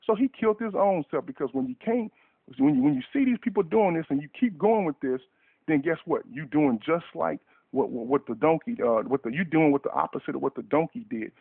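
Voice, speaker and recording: A man with a somewhat high, gravelly and husky voice preaches a fervent sermon on talk radio. He stacks and repeats words in urgent bursts. The sound is tinny and dry, as if through a phone line. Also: animated, brisk, dry recording.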